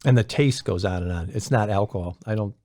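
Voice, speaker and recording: Middle-aged man, low voice, dry sound, measured and explanatory. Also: dark tone, dry recording. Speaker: wine expert co-host. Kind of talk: casual explaining.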